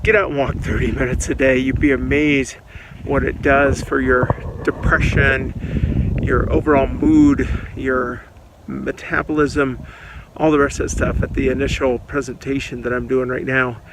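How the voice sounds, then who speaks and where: Male vlogger, gravelly and candid, open rambling delivery, noisy outdoor take with traffic. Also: medium pitch, level tone, unhurried. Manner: open, rambling, reflective, with frequent fillers. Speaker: vlogger documenting a long fast. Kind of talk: candid personal vlog. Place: outdoors on a sunny walk. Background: outdoor ambience and passing vehicles.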